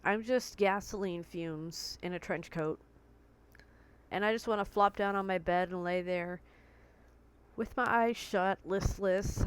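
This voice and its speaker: A woman's voice: medium pitch, measured pace, smooth. Candid woman talking in her bedroom. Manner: candid and conversational, with vivid comparisons. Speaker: vlogger. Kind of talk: personal talk to camera. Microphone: tablet recording.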